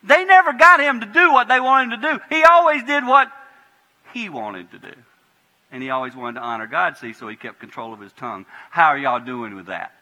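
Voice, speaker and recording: Pastor guy preaching, really bright cutting voice, big echoey church, goes soft then loud. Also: high voice, brisk. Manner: animated preaching, swinging from hushed prayer to loud emphatic bursts. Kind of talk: sermon. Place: church sanctuary. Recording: long hall reverb.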